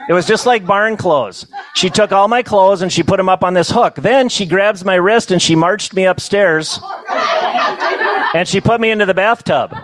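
A middle-aged man telling humorous stories to a banquet audience, with a deadpan comic delivery and chuckles. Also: sits high, moderate pace, crowd noise, background noise. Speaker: storyteller. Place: banquet hall.

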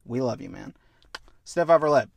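A man's voice: medium pitch, animated, normal speed, vocal fry, dry recording. A man playing a laid-back starship captain, coaxing and encouraging, with a close, dry sound. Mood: reassuring. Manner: coaxing, easygoing leader talk. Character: reassuring male starship captain.

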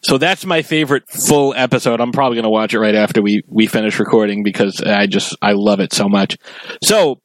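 A man's voice: on the low side, steady tone, a little fast, no echo, poor audio. A man co-hosting a podcast, chatting casually about favorite cartoon episodes and quoting scenes in put-on voices. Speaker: podcast co-host.

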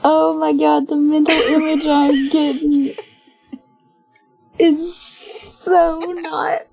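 A woman's voice: high voice, level tone, drawn-out words, creaky, darkish tone, faint music behind, poor audio. A woman playing in a tabletop game, chatting casually and giggling with delight. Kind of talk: casual chat.

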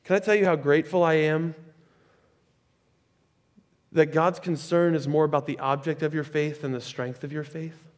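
A male pastor preaching a sermon in a conversational, animated way, with chatty asides. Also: on the high side, moderate pace, pauses often. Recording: echoey hall with long reverb.

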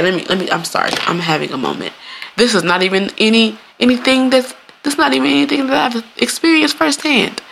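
Gravelly-voiced woman ranting bluntly. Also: lowish voice, bright, forceful tone, a little hiss or hum. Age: 30s. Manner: blunt, profane, laughs often, acts out quoted voices. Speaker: podcast host. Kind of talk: casual solo podcast rant.

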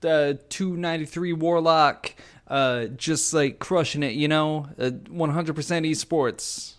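A man's voice: fairly high pitch, a little slow, pitched above the performer's own voice, close to an everyday voice. Man doing a cocky Brooklyn-bro esports gamer. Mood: boastful. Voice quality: exaggerated Brooklyn-Boston bro accent. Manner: boastful, hyped. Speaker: podcast co-host doing a character.

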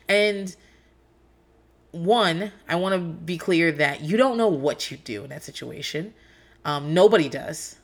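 A woman's voice: fairly low pitch, expressive, measured pace, a bit bright. Profane, rambling woman recapping reality TV. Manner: candid, profane, rambling with frequent fillers. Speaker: podcast host.

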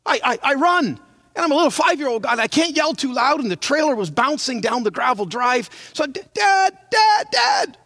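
An older male preacher in his sixties tells a personal story as a sermon, dramatic and animated. His voice is high and swings widely between hushed and loud. The recording is close and dry. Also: a little fast, dry recording. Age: 60s.

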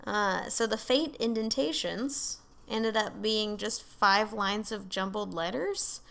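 A woman's voice: mid-range voice, takes it slowly, gravelly, a bit bright. A woman co-hosting a podcast, telling a story in casual chat over a call, full of fillers and asides. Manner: rambling, filler-heavy, swears casually. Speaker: podcast co-host telling a case. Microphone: remote call.

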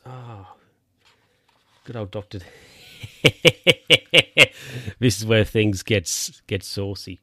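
A man's voice: fairly low pitch, steady tone, takes it slowly, long pauses, dry recording, studio quality. A man reading a children's picture book aloud, breaking off for wry, amused asides. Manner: amused, ad-libbing wry comments. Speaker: reader.

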